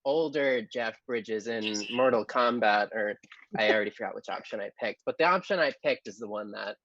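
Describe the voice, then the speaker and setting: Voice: mid-range voice, normal speed, a bit bright, no room sound, dull audio. A person with a Southern US accent in a comedy debate, playful, laughing and trailing off. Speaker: debate contestant. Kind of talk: comic debate banter.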